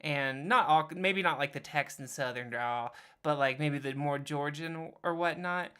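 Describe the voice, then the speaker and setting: A player with a bright, sharp tone who talks slowly and thinks out loud. The talk is loose table chat between scenes, broken up by plenty of laughter. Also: medium pitch, smooth. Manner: slow, musing, laughs often.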